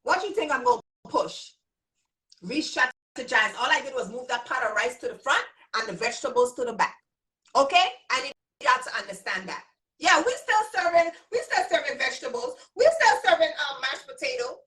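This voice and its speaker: A woman's voice: sits high, very animated, fairly quick, pushed and bright, poor audio. A woman business trainer hosting a live coaching talk with a Virgin Islands accent, repeating her points emphatically and calling her listeners y'all. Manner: emphatic and repetitive, drilling points home; folksy, addresses listeners as y'all.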